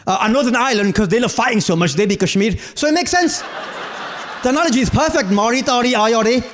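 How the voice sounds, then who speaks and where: Lively British man doing stand-up, high and animated. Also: quick pace, slight background noise. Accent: British English. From United Kingdom. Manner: animated, playful, with sudden jumps in pitch. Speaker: stand-up comedian. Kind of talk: live stand-up comedy. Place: large theatre stage.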